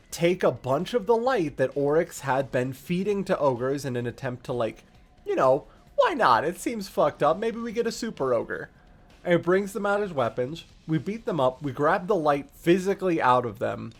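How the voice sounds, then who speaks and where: A streamer rambling through a story recap with a very lively, up-and-down voice. The delivery is casual and profane, full of fillers like "like.". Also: mid-range voice, normal speed, soft background music.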